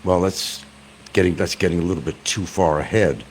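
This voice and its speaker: A man's voice: sits low, fairly even intonation, a little fast, a little hiss or hum. A man hosting a stream, giving casual, sarcastic commentary and taunting the person he talks about from an indoor room. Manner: sarcastic and taunting, addressing his target as "son". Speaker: stream host.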